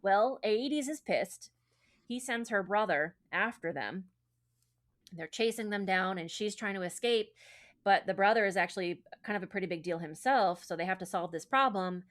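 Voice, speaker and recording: A woman's voice: medium pitch, moderate pace. A woman podcast host retelling a myth in casual chat, with lots of fillers and profanity. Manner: chatty, profane, filler-heavy.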